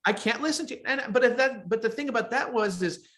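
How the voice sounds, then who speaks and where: A man's voice: very high voice, expressive, fast talker, fairly bright tone. A man co-hosting a podcast, telling a personal story in a chatty way and often repeating his words. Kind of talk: casual podcast chat.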